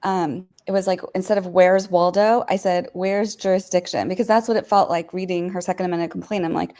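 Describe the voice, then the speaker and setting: A woman's voice: lowish voice, steady tone, fast, darkish tone. A woman guest on a casual online panel chat, blunt and dismissive in her comments.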